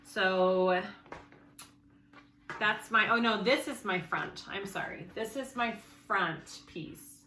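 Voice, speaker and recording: A woman's voice: mid-range voice, slow pace, bright, forceful tone. Chatty woman in an echoey room. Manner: chatty, thinking aloud, self-correcting. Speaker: sewing tutorial host. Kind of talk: casual sewing tutorial. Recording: echoey room, faint background noise.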